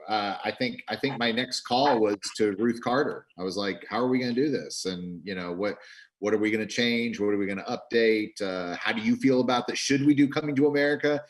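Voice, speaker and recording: A man, a film director, talks over a video call in an interview. He tells his stories in an animated way, acts out what others said, and often restarts his sentences. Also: lowish voice, fairly quick. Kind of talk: interview storytelling.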